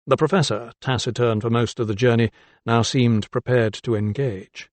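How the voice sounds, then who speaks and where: Calm male audiobook narrator, dry sound. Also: mid-range voice, normal speed, no echo. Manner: calm, even storytelling. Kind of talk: scripted narration.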